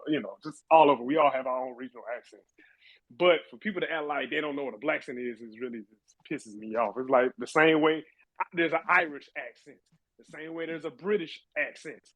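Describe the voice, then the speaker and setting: A man hosting a live audio chat room, talking in animated, laughing rants full of profanity. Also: medium pitch, husky, dry recording. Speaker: host.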